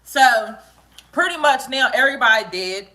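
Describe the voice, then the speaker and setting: A woman telling an exaggerated, comedic story in casual chat, animated and often laughing as she talks. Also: sits high, moderate pace.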